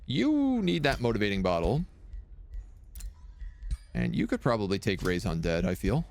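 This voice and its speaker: A man's voice: fairly low pitch, huge pitch swings, moderate pace, vocal fry, a little mellow, soft background music. A man streaming a strategy game, chatting casually and rambling playfully between moves. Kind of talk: casual gameplay commentary. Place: home room by a window.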